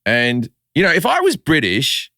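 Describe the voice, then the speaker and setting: An Australian comedian telling stories on a podcast, loose and swearing, slipping into quick voices. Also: male voice, fairly high pitch, huge pitch swings, bright, forceful tone, no echo, studio quality. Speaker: comedian guest. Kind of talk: casual podcast storytelling.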